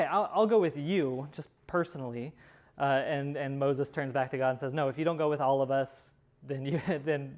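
A man teaching a Bible study class in a conversational way, with many pauses and restarts. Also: on the high side.

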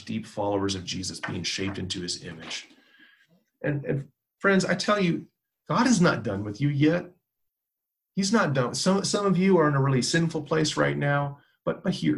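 A man's voice: mid-range voice, creaky. A man, a pastor, preaching a sermon with emphatic, repetitive exhortations.

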